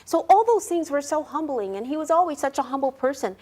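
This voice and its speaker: An older woman, a celebrity guest on a talk show, telling animated anecdotes and acting out voices in them. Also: high voice, fast talker. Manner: acts out voices in her stories, laughs often.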